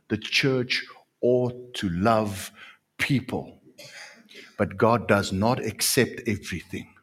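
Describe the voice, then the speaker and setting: A male pastor preaching a sermon. His voice is slightly husky and he takes his time, lingering on words and repeating them for emphasis as he moves between hushed and forceful passages. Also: medium pitch. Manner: emphatic, drawn-out repetitions, swings from quiet to loud.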